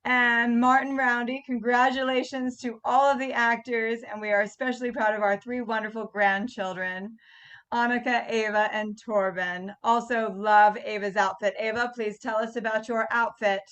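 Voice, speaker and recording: A woman's voice: a little high, flat delivery, normal speed, fairly bright tone, clear, resonant tone. A middle-aged woman hosting a cast Q&A on a video call, chatting and reading out audience comments. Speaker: theatre director hosting a cast Q&A. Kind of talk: casual chat on a video call.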